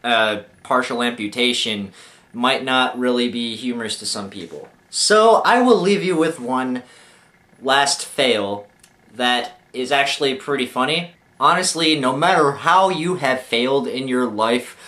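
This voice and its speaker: Young adult male vlogger, mid-range voice, animated self-deprecating storyteller. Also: medium pitch, unhurried. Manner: jokey, self-mocking, animated delivery. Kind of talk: comic storytelling to camera.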